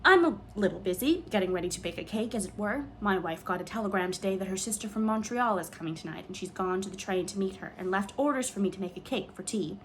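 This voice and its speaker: A woman's voice: mid-range voice, expressive, fast, hardly any pauses, slight background noise, lightly acted. A woman reading an audiobook, voicing a meek, flustered farmer man who is polite and bewildered.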